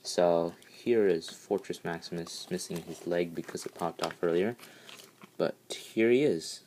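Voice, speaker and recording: A man's voice: deep voice, measured pace, a little hiss or hum. A man casually reviewing and transforming his custom toy, eager and rambling, restarting with "all right, so" over and over. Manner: excitable, with bursts of delight.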